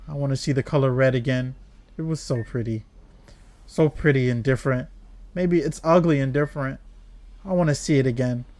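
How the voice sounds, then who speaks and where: A man's voice: medium pitch, fairly quick, a little mellow, natural voice. A man reading a brooding, despairing trapped young woman. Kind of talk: reading game dialogue aloud.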